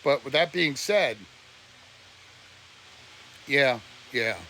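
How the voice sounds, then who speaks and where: A man's voice: mid-range voice, drawn-out words, bright, forceful tone, slight background noise. A man ranting on a live stream, preachy and blunt, his voice close to breaking with emotion. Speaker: livestreamer.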